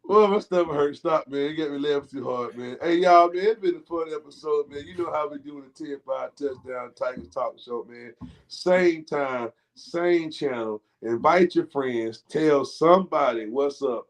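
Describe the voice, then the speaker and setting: A man hosts a casual sports talk stream. His voice sits a touch high, and he teases his co-host in loose, slangy banter. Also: moderate pace. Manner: joking, teasing, Southern US slang, lots of "boy" and "man".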